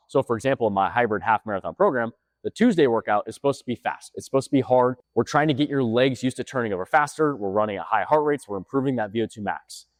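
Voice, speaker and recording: A man talks to the camera at a brisk clip, energetic and emphatic, often repeating his point. His voice sits at an ordinary male pitch. The sound is dry and close, with no room echo. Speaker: fitness coach. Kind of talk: casual talk to camera. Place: gym.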